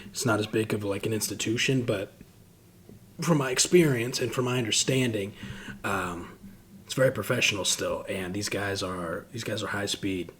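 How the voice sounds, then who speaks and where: A man casually commenting on combat footage, relaxed and profane, with many fillers and restarts. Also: fairly low pitch, normal speed, slight background noise. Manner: laid-back, swears freely, trails off with fillers. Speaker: host reacting to combat footage.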